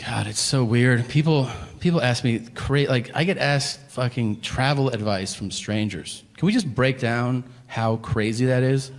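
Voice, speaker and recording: A man's voice: mid-range voice, unhurried, hardly any pauses. A man performing stand-up, ranting in an exasperated, profane way about everyday annoyances. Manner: exasperated, profane observational rants. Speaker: stand-up comedian. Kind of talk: live stand-up set. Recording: reverberant hall with faint crowd noise.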